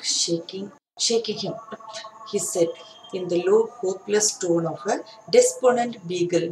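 A woman with an Indian English accent, teaching English by reading a story aloud and then explaining it in simple words. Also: medium pitch. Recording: echoey room with faint noise.

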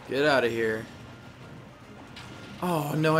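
A young man giving casual, animated commentary while playing a video game, talking to the characters on screen and often exclaiming. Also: a little high, a little slow, long pauses, slight background noise. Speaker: gameplay commentator. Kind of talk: casual live gameplay commentary.

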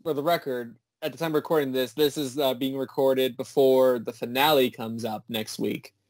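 A young man co-hosting a podcast, talking in a relaxed, wry, joking way. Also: medium pitch, moderate pace, dry recording. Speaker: podcast co-host. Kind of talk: casual chat.

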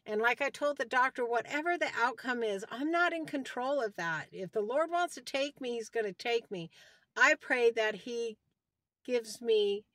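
A devout woman in her sixties talks into her phone in a heartfelt, rambling way, circling back to the same words and praising God between thoughts. Her voice sits a little high for a woman. The sound is close and dry, with no room around it. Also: a bit bright, no echo. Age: 60s. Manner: heartfelt and rambling, often repeating herself. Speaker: vlogger giving a personal health update. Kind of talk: casual talk to camera.

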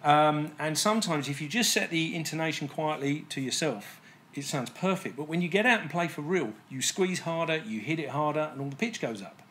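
A man's voice: a little high, animated, fairly quick, a bit bright. A man working as a guitar technician, explaining intonation fixes in a plain, methodical way with frequent fillers. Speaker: guitar tech.

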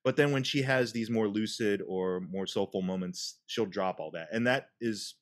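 Animated man recounting cartoon scenes. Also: on the low side, moderate pace. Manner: animated retelling, acts out quotes with laughs. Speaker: podcast host. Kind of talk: casual chat.

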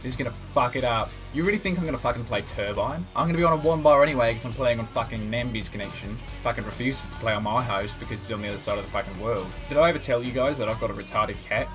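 Sweary young gamer doing impressions. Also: male voice, medium pitch, fast talker, hardly any pauses, music in the background. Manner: profane, rowdy banter. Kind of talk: comic impressions over gameplay commentary.

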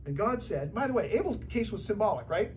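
A woman preaching a sermon in a church, talking in a conversational, lively way with shifting loudness. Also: medium pitch, a little fast, recorded from a distance, a little hiss or hum.

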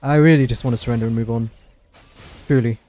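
A man's voice: medium pitch, steady tone, fast talker, warm tone. A man streaming his live gameplay with frustrated, swearing commentary, often chanting words over and over. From Europe.

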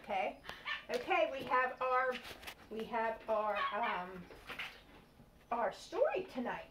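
An older woman reading a bedtime storybook aloud to a child, gently explaining and prompting as she goes. It is a distant home recording with noise behind. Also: on the high side, expressive, slow pace, echoey room. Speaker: grandmother reading bedtime stories.

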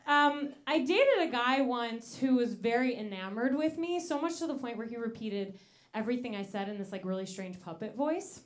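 A young woman doing a stand-up comedy set on a club stage into a handheld mic, with a deadpan delivery and slow pauses. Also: a little high. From Italian-American family. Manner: deadpan delivery, slow pauses, sudden shouted outbursts in put-on voices.

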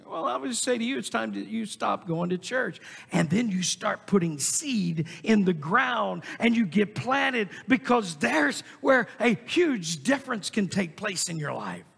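A male pastor preaching in a church sanctuary, his voice pitched high and heavily gravelly. He drives his points home with emphatic rises, sometimes breaking into shouts. The sound carries a long reverb from the hall. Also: expressive, measured pace, hardly any pauses. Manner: emphatic preaching, rising to shouts on key lines. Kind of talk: sermon.

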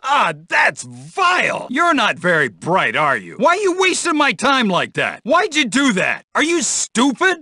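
An actor playing a corrupt, bullying middle-aged police officer in video game voice lines, gruff and menacing, recorded on a studio mic. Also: male voice, high voice, sharp tone, no echo, exaggerated voice. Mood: angry taunts.

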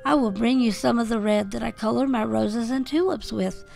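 An eager little flower sprite from a storybook calls out excitedly, as a woman narrator voices it. The voice is heavy with gravelly fry. A faint waltz plays underneath. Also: fairly high pitch, moderate pace, faint music behind.

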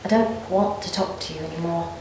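A woman's voice: lowish voice, steady tone, fairly quick, noisy background, natural voice. An actress playing a nervous, evasive young woman on the run, talking in a rambling, defensive way with nervous laughs. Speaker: actor. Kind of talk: dramatic monologue. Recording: very echoey room.

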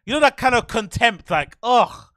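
A man hosts a podcast, spinning profane, animated stories with frequent laughs. His voice sits high and rings bright. The sound is dry and close. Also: a little fast, no echo. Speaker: podcast host. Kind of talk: casual storytelling monologue.

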